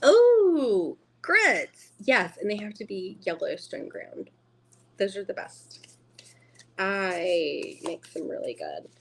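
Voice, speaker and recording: A woman's voice: on the low side, lively intonation, takes it slowly, creaky, slightly rough. A woman with a Southern US accent hosting a casual tarot live stream, chatting freely, laughing often and answering her viewers. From Southern United States. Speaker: tarot livestream host.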